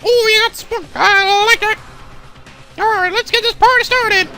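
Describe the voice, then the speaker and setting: A man's voice: extremely high pitch, steady tone, unhurried, music in the background, voice pushed up. A man voicing a gleeful, mischievous male robot bear headmaster in a sing-song, teasing way while reading game lines aloud. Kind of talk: video game voice-over reading.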